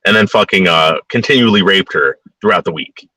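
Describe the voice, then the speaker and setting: A man's voice: deep voice, brisk, sharp tone, no echo, poor audio. A man ranting bluntly in a heated, profane opinion monologue.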